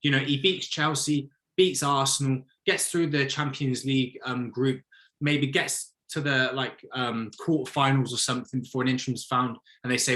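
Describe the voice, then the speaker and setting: A man in a casual football chat, talking with blunt, animated conviction. He sits at a middling pitch and often slips into mock quotes of other people. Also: normal speed. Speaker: podcast co-host, football fan.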